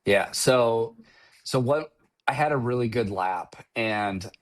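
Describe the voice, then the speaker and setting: A man's voice: mid-range voice, slow pace. A middle-aged man, a track-day driver, recounting a crash in casual, rambling conversation with frequent restarts. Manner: rambling, restarts often, storytelling. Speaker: guest driver.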